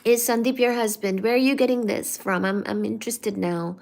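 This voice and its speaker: A woman hosting a casual live stream, reading viewer comments aloud and teasing back in a careful, clearly articulated way. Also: a little high, fairly quick, a little mellow. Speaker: livestream host.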